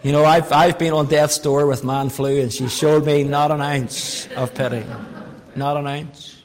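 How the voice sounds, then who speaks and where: A middle-aged man preaching a sermon in a folksy, humorous way, dropping to quiet asides and rising to emphatic calls. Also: on the high side, steady tone, a little slow. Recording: long reverb of a large hall.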